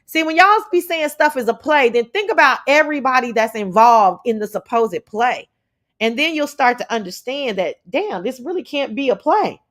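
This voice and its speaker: Blunt, animated woman livestream host. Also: high-pitched, moderate pace. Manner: animated, blunt, swears freely, drawls "child" and "y'all". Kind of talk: casual live commentary, reading chat.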